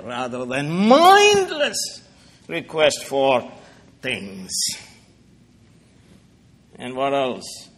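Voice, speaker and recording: Guy preaching a sermon, slow and fired up, big echoey church hall. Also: mid-range voice, wildly swooping pitch. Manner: impassioned, swings from hushed to soaring, asks the crowd questions. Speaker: pastor.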